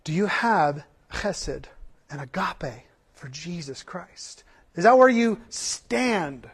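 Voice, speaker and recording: A pastor preaching a sermon, mixing fervent rhetorical questions with earnest, conversational asides and restarts. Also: male voice, high voice, animated, slow pace, husky.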